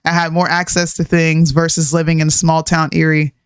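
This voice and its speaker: A woman in her thirties, a podcast co-host, chatting casually and ranting in an animated way, mixing in slang and laughs. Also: low-pitched, fairly quick, smooth, dry recording, clean studio sound. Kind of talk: casual chat.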